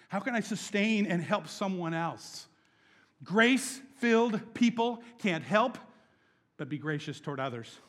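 A young adult man preaching a sermon as pastor, animated, moving between hushed scripture reading and loud, laughing emphasis. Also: high-pitched, long reverb tail.

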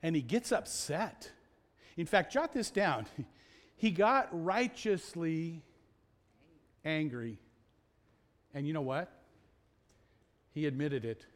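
Preaching in a conversational style, this pastor poses rhetorical questions and slows on key words for emphasis. His voice is a little high, with lively intonation.

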